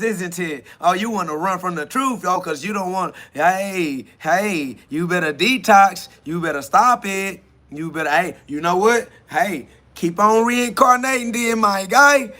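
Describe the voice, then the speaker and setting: Male host, high voice, emphatic slangy live preaching. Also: bright, forceful tone. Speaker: podcast host. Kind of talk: casual preaching monologue streamed live.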